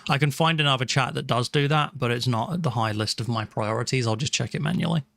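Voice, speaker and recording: A man's voice: medium pitch, fast, gravelly, fairly bright tone, no room sound. A casual English streamer, a man with an English accent, talking with his viewers from his room at home. His voice sits in a middle register and is recorded dry and close, with hardly any room sound. He rambles, thanks people and restarts his sentences often. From England. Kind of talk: casual live-stream chat. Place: small warm room at home.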